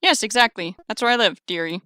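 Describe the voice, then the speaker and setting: A woman's voice: mid-range voice, fast talker, sharp tone, clear, resonant tone, no echo, studio quality, close to an everyday voice. A woman voicing a giant spider who is a sweet, doting old lady and wedding planner, calling everyone dearie, in a visual novel game.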